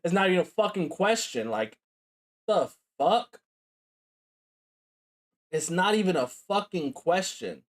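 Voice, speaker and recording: A man's voice: sits high, lively intonation, slow, long pauses. A man streamer reacting to a video, talking casually and bluntly with lots of swearing and "bro". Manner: casual, profane, says bro and like a lot.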